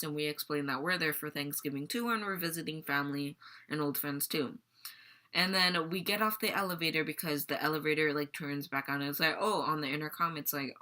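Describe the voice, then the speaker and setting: A woman's voice: low voice, sharp tone. A teenage girl vlogging casually, rambling and giggling as she retells a dream. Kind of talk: casual storytelling vlog.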